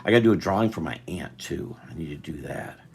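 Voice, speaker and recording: A man's voice: rumbling low, animated, fast talker, vocal fry, a little mellow, slight background noise. An older man chatting on a live stream while he draws, rambling and interrupting himself, tired. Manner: meandering, self-interrupting, chatty.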